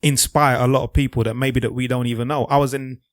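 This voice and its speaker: A man's voice: mid-range voice, steady tone, quick pace, no room sound. Earnest man, dry close sound. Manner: earnest, checks in with listeners. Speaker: podcast co-host. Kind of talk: casual chat.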